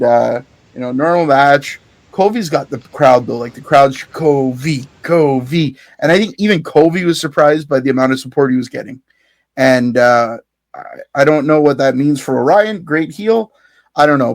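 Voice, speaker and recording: A man co-hosting a podcast, animatedly telling a story in casual chat, swearing freely and laughing often. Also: fairly high pitch. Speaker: podcast co-host. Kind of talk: casual chat, recounting a show.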